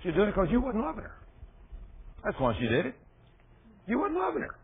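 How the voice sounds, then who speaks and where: A man's voice: high voice, huge pitch swings, brisk, slight background noise. A man preaching a sermon in a folksy, storytelling way with plain dialect grammar. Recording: tinny phone-like radio broadcast.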